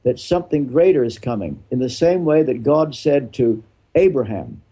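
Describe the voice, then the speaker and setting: Older man, retired preacher, husky and dark-toned, emphatic with rhetorical questions. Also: mid-range voice, expressive, moderate pace. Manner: emphatic, rhetorical questions answered himself, repeats phrases. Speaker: retired pastor, interview guest. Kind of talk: interview answer, preaching-style explanation.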